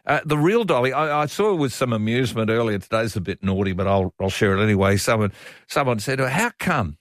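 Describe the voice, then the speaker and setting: A man's voice: medium pitch, lively intonation, fast, no echo, studio quality. A man hosting a morning talk radio show. He is easygoing and backs his caller with short, encouraging replies. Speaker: radio host. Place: radio studio.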